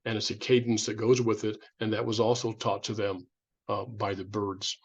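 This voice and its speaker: A man's voice: fairly low pitch, little pitch movement, normal speed, husky. A man from California giving an informal public lecture, talking in a conversational way with restarts and imitated sounds. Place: indoor lecture room.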